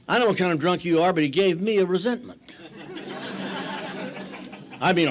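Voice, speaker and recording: A man's voice: fairly high pitch, normal speed, pauses often, fairly bright tone. Older man telling a wry, self-mocking story. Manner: acts out quoted people in voices. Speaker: AA speaker. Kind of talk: recovery talk storytelling.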